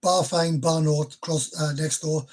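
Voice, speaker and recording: Chatty husky Welsh man in his fifties. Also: fairly high pitch, steady tone, a little slow. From Wales. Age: 50s. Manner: chatty and emotional, laughs between sentences. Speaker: livestream host. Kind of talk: casual livestream chat. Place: bedroom.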